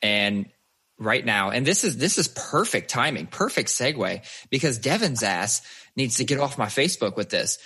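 A dad on a podcast, telling stories in a loose, animated way and cursing freely. His voice is bright and a bit husky. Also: mid-range voice, moderate pace. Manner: swears freely, animated storyteller. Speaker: podcast co-host and father. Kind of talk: casual chat.

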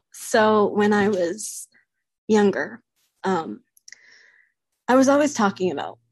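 A woman vlogger speaking candidly to camera in a personal confessional talk, halting often with pauses. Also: medium pitch, very animated, husky, dry recording.

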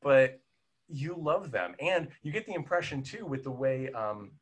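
A man's voice: mid-range voice, expressive, measured pace, slightly rough. A man in a casual podcast conversation, chatting animatedly about a film with many fillers and restarts.

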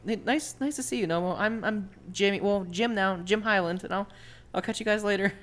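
A man's voice: sits high, a little fast, a bit bright, voice pushed up. A man voicing a timid, heartbroken young male dwarf who stammers and apologizes. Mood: shy. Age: young adult.

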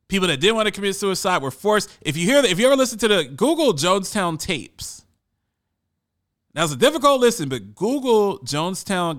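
Male podcast talker, bright and lively tone, loose and rambling delivery. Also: a little high. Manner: animated, conversational, trails off and repeats words. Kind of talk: casual monologue.

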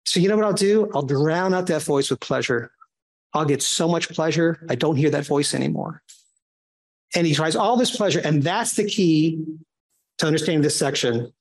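A man leading a conversational Bible study, animated and given to asides and restarts, who acts out quotes in shifting voices. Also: fairly high pitch, moderate pace.

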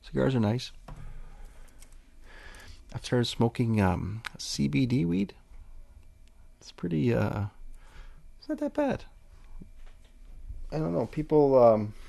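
A man's voice: mid-range voice, animated, takes it slowly, creaky, long pauses, a little mellow, dry recording. A man hosting a casual solo podcast, rambling in a laid-back way and swearing freely. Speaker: podcast host.

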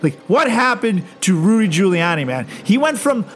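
A man's voice: high-pitched, very animated, normal speed, faint music behind. A man co-hosting a comedy podcast, roasting politicians with crude jokes and frequent laughter. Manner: crude, mocking, laughs often. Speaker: podcast co-host.

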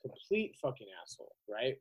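A man hosting a podcast, telling an animated, profanity-heavy story in casual chat. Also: mid-range voice, a little fast, slightly rough, poor audio. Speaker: podcast host.

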